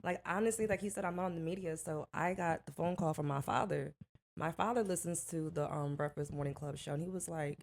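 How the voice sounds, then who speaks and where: A woman's voice: on the low side, fairly quick, gravelly, a little hiss or hum. Indignant young woman telling her story. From Miami. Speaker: guest, rapper's wife. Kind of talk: casual interview talk.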